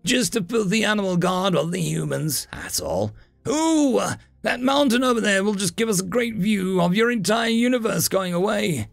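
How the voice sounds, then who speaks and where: A man's voice: high voice, moderate pace, gravelly, no room sound, faint music behind, pitched above the performer's own voice. A man voicing a smug, easygoing male human god with a laid-back sarcastic drawl. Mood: casual.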